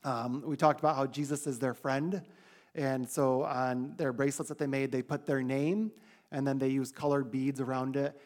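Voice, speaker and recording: A man's voice: mid-range voice, moderate pace. A man leading a church mission team, telling the congregation about the trip in a casual, chatty way on a handheld mic. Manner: chatty, animated when quoting others. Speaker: mission trip leader giving a church report.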